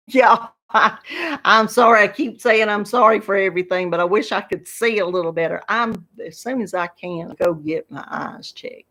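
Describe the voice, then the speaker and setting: On her home live stream, a YouTube craft host from Georgia, a grandmother in her fifties, talks casually to viewers and laughs frequently. Her voice is medium-pitched and somewhat bright, with a moderate pace and a Southern US accent.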